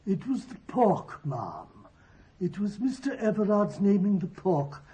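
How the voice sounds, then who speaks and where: A man's voice: high-pitched, big pitch swings, dark tone, slightly rough, heavily acted, rough recording. A man playing a humble butler. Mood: deferential. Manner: humble, halting, full of "sir". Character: deferential rustic male servant, a butler. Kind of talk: radio drama acting. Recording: old radio play recording.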